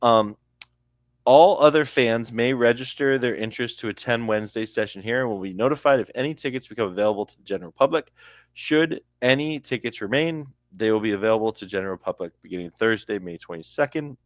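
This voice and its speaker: A young Canadian-accented man talks through a sports news article in a loose, chatty way, tripping over place names and adding asides. His pitch sits in a middle range. The sound is dry and close to the mic. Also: fairly quick, no room sound. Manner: chatty, laughs at own slips, stumbles over names. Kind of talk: casual commentary reading an article aloud.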